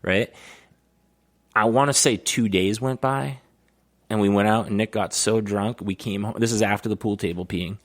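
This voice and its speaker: A man's voice: lowish voice, steady tone, normal speed. A man in his thirties co-hosting a podcast, telling profane stories in casual chat and laughing often. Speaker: podcast co-host.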